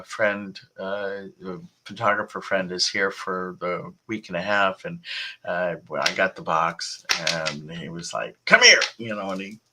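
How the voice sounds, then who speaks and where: A woman being interviewed as an author, answering in a halting way with restarts and laughs as she talks. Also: rumbling low, bright, forceful tone, poor audio. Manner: halting, many restarts and fillers, laughs while talking. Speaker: author and guest.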